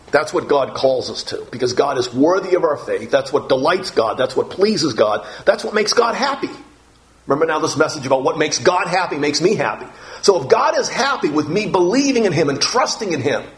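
A man preaching a sermon with a somewhat high voice. He is earnest and keeps repeating phrases, and his voice climbs on the words he wants to stress. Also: a bit bright. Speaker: pastor.

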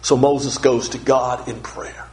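A man's voice: mid-range voice, level tone, takes it slowly, darkish tone. A male pastor delivering a sermon, earnest and emphatic, often repeating words to stress a point.

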